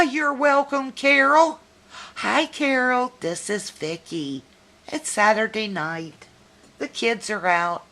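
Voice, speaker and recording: A middle-aged woman with a light Southern US accent talks to a viewer in a relaxed, folksy way. Her voice sits low for a woman, and she takes her time, drawing out her stories at an unhurried pace. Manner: chatty, folksy storytelling. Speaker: vlogger. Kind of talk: casual chat to a viewer.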